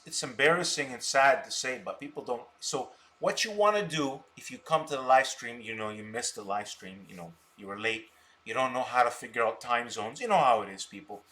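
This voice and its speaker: A man hosting a stock trading live stream, mocking his viewers scornfully and boasting, with loud bursts of laughter between rambling stretches. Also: a little high. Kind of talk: ranting live stream talk.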